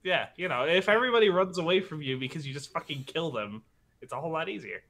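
A man's voice: fairly high pitch, lively intonation, fast, a bit bright. A man chiming in with jokes while watching an anime with a friend, laughing often. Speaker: co-commentator. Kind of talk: casual riffing over an anime.

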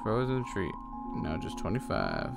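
A man giving excitable, jokey, swearing commentary while playing a video game. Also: low voice, unhurried, vocal fry. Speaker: let's play gamer. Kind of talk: casual gameplay commentary. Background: game music.

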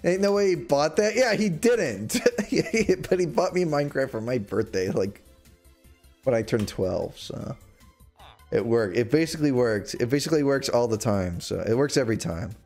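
A young man livestreaming a game, chatting to his viewers in a rambling way and bursting into mock-outraged shouts. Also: mid-range voice, animated, moderate pace, faint music behind. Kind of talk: casual gaming livestream chat. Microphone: desk microphone.

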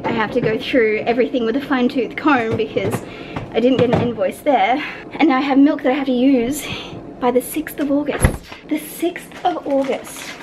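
Woman, at-home vlogger, high voice, candid and rambling, swears a lot, faint room hum. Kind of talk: casual vlog chat to camera. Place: at home in an apartment.

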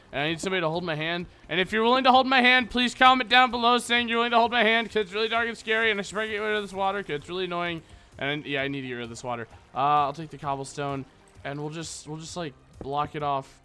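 A young man hosting a gaming channel does let's play commentary in a slightly high, bright, forceful voice. He's goofy and rambling, tossing jokey asides to his viewers over faint background music.

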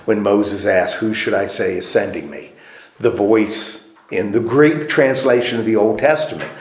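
A man with a lowish, unhurried voice leads Bible study for a group in a church meeting room, putting questions to them and repeating their answers back. There's a roomy echo to the recording.

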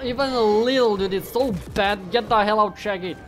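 A man commentating his own gameplay who swears often, taunts his opponents and bursts into yelling. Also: sits high, moderate pace, faint music behind. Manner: bursts into loud yelling when winning or losing. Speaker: gaming YouTuber.

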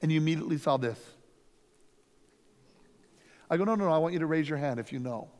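A man, a lead pastor, teaching a conference workshop through energetic, emphatic stories. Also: a little high, rapid-fire. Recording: long reverb from a hall.

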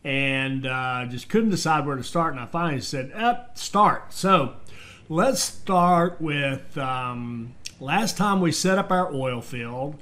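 In casual let's-play commentary, a game commentator talks through his own gameplay as host, thinking aloud with fillers and false starts. His voice is medium-pitched, slow, and fairly bright.

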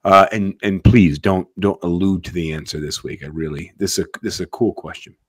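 A man with a very low voice hosts a casual podcast, talking in long rambling stretches full of swearing and restarted words. The sound is dry and close to the mic. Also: fairly even intonation, a little fast, no echo. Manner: rambling, profane, repeats words when starting. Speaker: podcast host. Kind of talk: casual chat.

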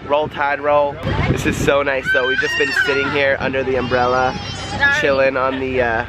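A man's voice: mid-range voice, completely flat delivery, moderate pace. Male family vlogger, casual and playful, on a noisy outdoor recording. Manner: playful, chatty, laughs often. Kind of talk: casual vlog chat. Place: beach house and beach, outdoors.

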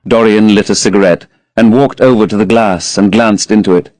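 Male audiobook narrator, low and expressive, measured pace, dry recording. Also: dry recording. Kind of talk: audiobook narration of a classic novel.

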